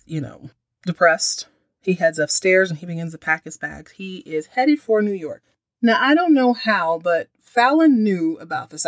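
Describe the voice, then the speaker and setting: A woman's voice: on the low side, no room sound. A woman, hosting a podcast and recapping a TV episode in a chatty, opinionated way. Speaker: podcast host.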